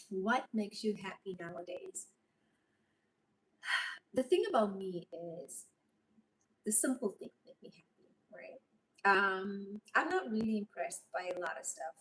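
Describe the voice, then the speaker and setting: A woman's voice: mid-range voice, slow pace, long pauses, a bit bright. Rambling woman livestreaming. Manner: rambling and openly emotional. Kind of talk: casual livestream chat reading comments. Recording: voice a bit far from mic, faint noise.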